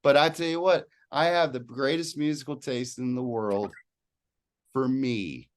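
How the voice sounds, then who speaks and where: A man co-hosts a rock podcast in easy, casual chat. He speaks bluntly and swears freely, with a light, joking edge and an ordinary mid-range pitch. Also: measured pace. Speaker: podcast co-host. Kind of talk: casual chat about music.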